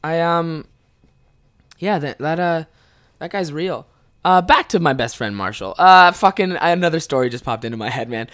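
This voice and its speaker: Young canadian guy rambling thru a story on his podcast, swearing a lot, laughing, kinda high voice. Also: lively intonation, normal speed, fairly bright tone. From Ontario, Canada. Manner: rambling, profane, laughing often. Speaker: podcast host. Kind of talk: casual storytelling.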